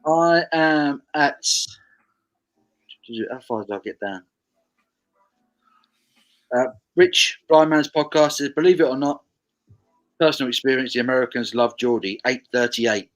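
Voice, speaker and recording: A man hosting a relaxed livestream, working through viewer comments one by one and riffing on each of them. His voice sits at a middle pitch, and he talks in an easy, conversational way. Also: normal speed, pauses often, rough recording. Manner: chatty, reads out viewer comments with asides. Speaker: livestream host. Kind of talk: casual chat reading comments.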